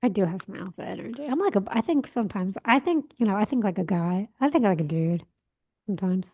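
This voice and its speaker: A woman's voice: mid-range voice, lively intonation, fast, a little mellow. A young woman co-hosting a podcast, telling a story in casual chat and acting out the lines she quotes. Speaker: podcast co-host.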